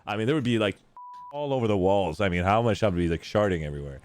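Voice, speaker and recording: A young man streaming, chatting casually with friends on voice chat, excitable and rambling. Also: on the low side, quick pace, a loud crowd. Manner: excitable, laughs often, rambling.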